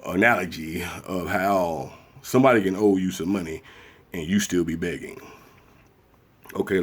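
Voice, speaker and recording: A man, talking bluntly and profanely in a casual ranting monologue. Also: husky. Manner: blunt, profane, acts out others in high mocking voices. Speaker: commentary vlogger.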